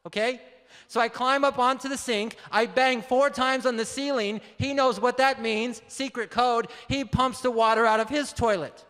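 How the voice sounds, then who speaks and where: A man with a very high voice tells his prison testimony as a sermon, earnest and emphatic, calling out to the listeners. His voice rings out through a long hall reverb. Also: fairly even intonation, normal speed, a bit bright. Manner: earnest, emphatic, calls out to the audience. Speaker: preacher.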